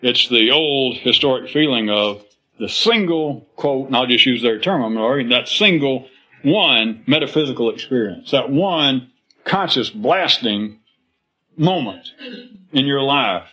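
A man's voice: medium pitch, animated, a little slow, sharp tone, low-quality recording. A man speaking to a live audience in a rambling, philosophical way, acting out quoted voices and laughing as he goes.

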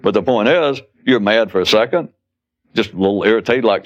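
A man's voice: lowish voice, fairly quick. A man giving a spoken philosophical talk in a wry, conversational way, now and then acting out quoted outbursts. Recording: dull lo-fi recording.

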